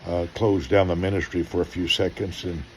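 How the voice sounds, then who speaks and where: A man's voice: sits low, steady tone, a little fast, slight background noise. An older man, a pastor, telling stories in sermon style and acting out the dialogue with animation.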